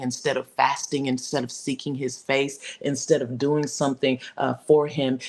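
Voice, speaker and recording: A woman's voice: extremely low pitch, a little mellow. A woman preaching a fervent livestream sermon as a vision coach, repeating phrases and calling out to viewers by name. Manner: repetitive call-and-response preaching, building intensity; addresses viewers by name and talks to herself. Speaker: vision coach preaching to a live online audience.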